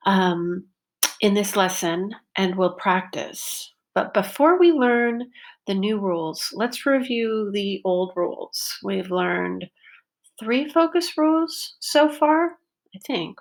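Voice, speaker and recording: Slow, deliberate woman teaching pronunciation. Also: lively intonation, vocal fry. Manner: slow and deliberate, stretches words to show pitch. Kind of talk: slow, careful classroom lesson.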